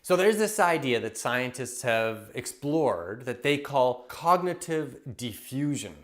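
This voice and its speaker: A man working as a happiness coach, giving an enthusiastic, animated teaching talk to camera and acting out everyday scenes. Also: mid-range voice, slow. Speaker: happiness coach and public speaker.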